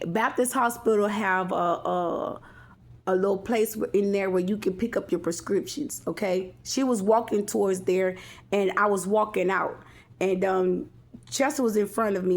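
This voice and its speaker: Woman vlogger, casual storyteller, rambling with restarts and asides to her viewers, mid-pitched voice. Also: normal speed, vocal fry.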